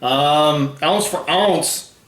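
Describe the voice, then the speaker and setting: A man's voice: on the high side, drawn-out words, fairly bright tone, roomy sound. A man hosting a food tasting video in casual chat, explaining facts he reads off the packaging. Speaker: host of a food challenge channel.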